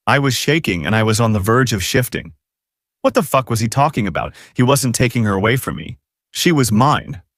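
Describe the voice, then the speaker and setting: A man's voice: medium pitch, a bit bright, no room sound, clean studio sound. A man narrating a romance novel audiobook in the first person, with dramatic, emotive storytelling.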